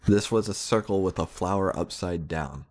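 A man's voice: low-pitched, normal speed. A man doing a sarcastic, mocking reading of a badly written story. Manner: sarcastic, breaking into laughter. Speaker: reader. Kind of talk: mocking dramatic reading of bad fan fiction.

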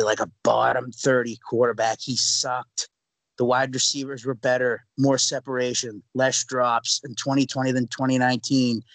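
A young man co-hosting a sports podcast, ranting loudly with sudden jumps in pitch. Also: no echo, low-quality recording. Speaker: podcast co-host.

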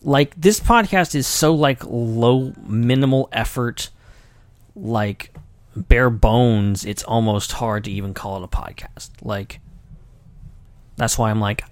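Speaking slowly in a mid-range voice, a podcast host chats casually on a livestream, rambling and joking at his own expense. No room sound is audible.

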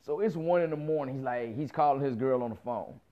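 A man in his 30s tells a story in a casual, animated rant, swearing freely, using heavy slang and acting out quoted lines. He speaks at a brisk pace in a medium-pitched voice, recorded muffled and lo-fi.

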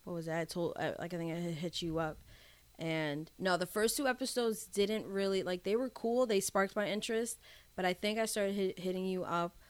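A woman's voice: fairly low pitch, fairly even intonation, normal speed, no echo. A woman co-hosting a podcast, chatting casually in a rambling way with frequent restarts and swearing. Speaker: podcast co-host. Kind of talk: casual chat.

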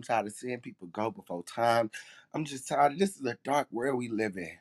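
A man hosts a faith talk show podcast, speaking with emotion and a preacher's habit of repeating phrases for emphasis, tearful at times. His mid-range voice is animated and moves at a moderate pace.

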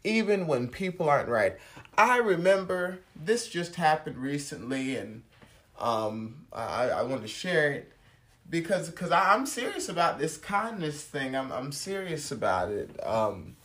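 A man giving a relaxed personal sermon, speaking in a halting way with restarts and soft laughs. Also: fairly high pitch.

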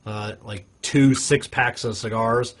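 A man with an ordinary mid-pitched voice chats casually as a podcast co-host. He rambles, circling back through fillers and restarts as he talks. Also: steady tone, slow pace.

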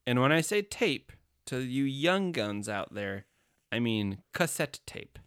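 A man's voice: medium pitch, sing-song, slow pace, a bit bright, smooth. A man in his thirties co-hosting a podcast, joking casually and laughing often. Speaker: podcast co-host. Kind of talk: casual chat.

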